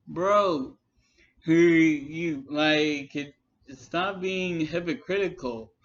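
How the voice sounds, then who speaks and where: A man giving a rambling, exasperated response rant in a vlog, with many halting restarts. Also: fairly high pitch, highs cut off. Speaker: commentary vlogger.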